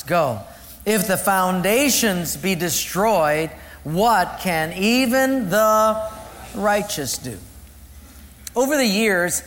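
A pastor with a high, light voice delivers a Sunday sermon, slowing down on key phrases. His words ring out in a reverberant church sanctuary. He tells stories with playful voices and laughs along. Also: a bit bright.

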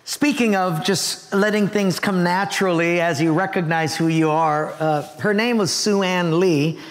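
A man's voice: high voice, measured pace, big-room sound. A male pastor preaching a sermon to his church, telling humorous stories and acting out their voices. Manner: animated storytelling with acted voices and humor. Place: church sanctuary.

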